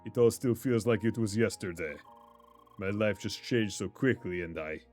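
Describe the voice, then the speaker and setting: A man voicing a weary, homesick young gamer, reading game dialogue in a low, subdued way. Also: normal speed, darkish tone, faint music behind, lightly acted. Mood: glum.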